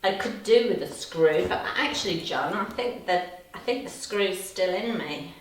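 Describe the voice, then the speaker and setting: Woman in her 50s, low voice, live-chat host who reads out comments and laughs a lot; distant mic in an echoey room with faint hiss. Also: animated, a little slow. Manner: chatty, laughs often, answers comments warmly. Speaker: livestream host. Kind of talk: casual livestream chat reading viewer comments.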